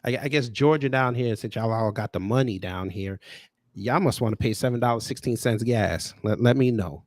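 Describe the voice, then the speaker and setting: A man's voice: medium pitch, normal speed, no room sound, studio quality. A man from New York hosting a political talk show, ranting in a heated, mocking way and repeating his points for emphasis. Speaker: host.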